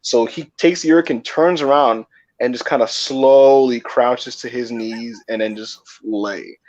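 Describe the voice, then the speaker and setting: A man in casual podcast chat who stammers and repeats words as he builds his point. His voice comes through a somewhat dull, lo-fi mic. His pitch sits in the middle range. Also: a little slow, a little mellow. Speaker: podcast co-host.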